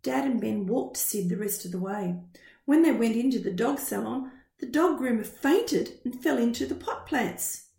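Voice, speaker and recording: A woman reading a children's picture book aloud in a slow, expressive storytelling style. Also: on the high side, creaky. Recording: roomy echo.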